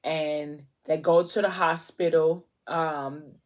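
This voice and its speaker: While eating, a woman book vlogger retells a novel's plot in a casual, emotional way packed with fillers. Her voice is deep with fairly even intonation, and she takes it slowly.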